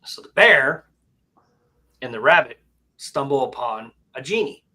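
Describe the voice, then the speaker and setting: A man in casual banter, telling an animal joke with loud voices for the characters. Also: mid-range voice, expressive, unhurried, breathy edge.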